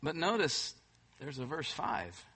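A man preaching a sermon as pastor, emphatic, swinging between loud bursts and soft, hushed moments. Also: on the high side, very animated, a little slow, husky.

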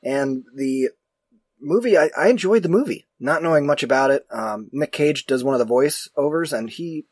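Blunt husky dude on a podcast, swears a lot, dry close sound. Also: male voice, on the high side, expressive, moderate pace, darkish tone, dry recording. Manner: blunt, emphatic, swears casually. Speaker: podcast co-host. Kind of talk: casual chat.

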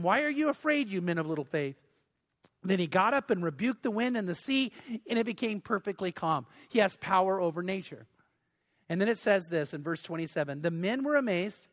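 A man's voice: sits high, a bit bright. A male pastor preaching a sermon in an earnest, pleading way, often repeating words for emphasis.

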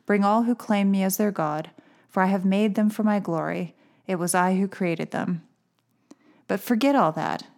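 Clear-spoken woman reading scripture. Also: mid-range voice, darkish tone. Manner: clear, measured reading, dry humor. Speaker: podcast host. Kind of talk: casual chat and scripture reading.

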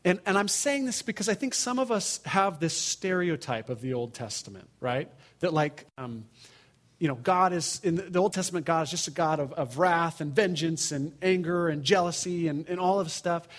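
Earnest male preacher, slightly high voice. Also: moderate pace. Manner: earnest, conversational preaching with rising emphatic questions. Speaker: pastor. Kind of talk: sermon.

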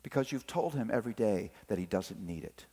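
A middle-aged man gives a parenting sermon in a fairly low, slightly rough voice, speaking a little fast. Acting out the voices, he animatedly recounts family stories, heard through long hall reverb.

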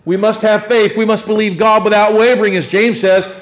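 Male pastor, earnest sermon delivery with stumbles, a bit high-pitched, roomy reverb. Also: flat delivery, fairly quick. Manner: swings from hushed to loud, earnest with frequent restarts.

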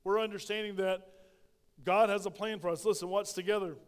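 A middle-aged pastor preaches with a folksy, emphatic delivery and keeps calling out for amens. His voice sits high for a man. The sound rings with a long reverb from the church sanctuary. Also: steady tone, fairly quick, smooth. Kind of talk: sermon.

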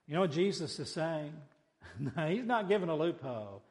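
Male pastor, high-pitched and lively, preaching with sudden loud emphasis in a big reverberant hall. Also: moderate pace. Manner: animated preaching, swinging between soft asides and loud cries. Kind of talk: sermon.

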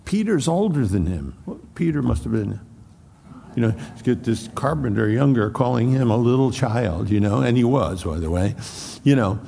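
A man's voice: mid-range voice, animated, moderate pace, vocal fry, dark tone, big-room sound. A middle-aged man preaching a sermon, reflective, reading scripture aloud in old-style wording. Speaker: pastor. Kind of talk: expository sermon.

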